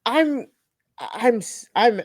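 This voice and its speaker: A woman with a mid-pitched voice and a close, dry sound, talking as a podcast co-host. She speaks in an emphatic, slangy way and piles on strong opinions. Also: lively intonation, extremely slow, darkish tone, dry recording. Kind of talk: casual recap chat.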